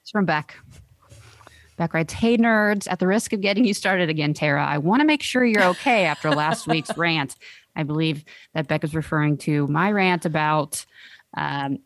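Low-voiced woman podcast co-host. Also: moderate pace, no echo. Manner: chatty, laughing, hesitant fillers. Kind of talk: casual chat.

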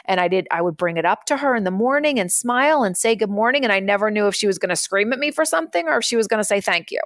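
A woman's voice: mid-range voice, expressive, quick pace, fairly bright tone, no room sound, clean studio sound. A woman in her thirties, speaking candidly as a guest in an interview, in an earnest, conversational way and acting out the voices she quotes.

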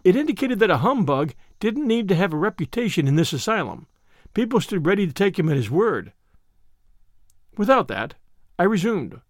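High, animated male audiobook narrator. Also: moderate pace, dry recording, clean studio sound. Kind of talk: first-person audiobook narration.

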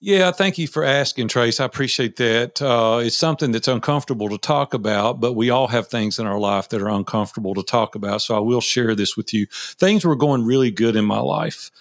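A man in his fifties, a guest telling personal stories in a folksy, animated way, acting out past conversations. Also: medium pitch, brisk, hardly any pauses, dry recording, clean studio sound. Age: 50s. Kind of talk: interview storytelling.

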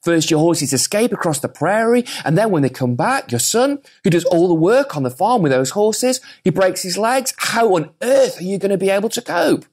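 A man putting on the voice of fussing village folk, pitched high and exclaiming dramatically. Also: very animated, normal speed, few pauses, a little mellow, full character voice. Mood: dismayed. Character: fretting, gossiping village folk.

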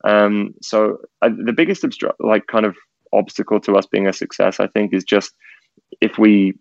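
Deep gravelly man in casual interview. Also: fairly even intonation, moderate pace, no echo. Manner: conversational, frequent restarts and "like", "you know". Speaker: interview guest, sports media director. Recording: dull, slightly lo-fi dry audio.

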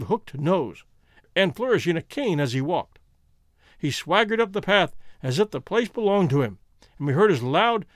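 A man giving a steady, scripted narration of a classic detective story. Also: sits high, no room sound, clean studio sound. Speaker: audiobook narrator.

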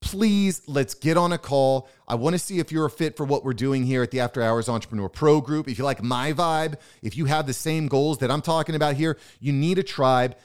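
A man's voice: medium pitch, a little fast, few pauses, clear, resonant tone. A man hosting his own business podcast, talking solo in a pumped-up, emphatic motivational way. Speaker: podcast host.

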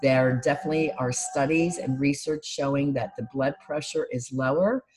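A woman life coach giving a calm, instructive talk on gratitude and mindfulness, listing things one by one. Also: a bass voice, normal speed. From United States.

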